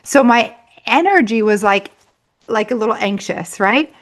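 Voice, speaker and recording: A woman's voice: on the high side, expressive, measured pace. A woman who works as a money mindset coach, a guest in an interview, telling a story in a chatty way with frequent laughs and fillers.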